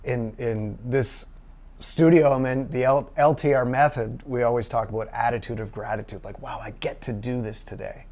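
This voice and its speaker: A man's voice: medium pitch, steady tone, normal speed, darkish tone. A man hosting a podcast from his drum studio, reflecting back on what his guest said in an enthusiastic, think-aloud way. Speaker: podcast host. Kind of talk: casual interview chat.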